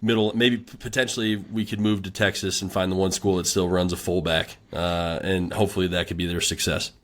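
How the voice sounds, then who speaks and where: A young man with a lowish voice tells stories from his coaching days in a relaxed podcast conversation. He gets animated and acts out the people in them, jumping up loud and high when he imitates a yelling coach. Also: a little fast. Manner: animated storyteller who acts out a shouting coach. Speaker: strength coach guest. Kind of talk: casual podcast storytelling.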